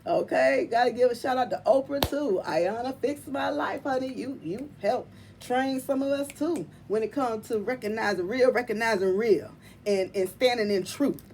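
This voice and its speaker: A woman hosting her tarot channel, chatting casually to viewers in an animated, emphatic way, laughing often and calling them y'all and honey. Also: fairly high pitch, normal speed, a little hiss or hum. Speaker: tarot reader and channel host.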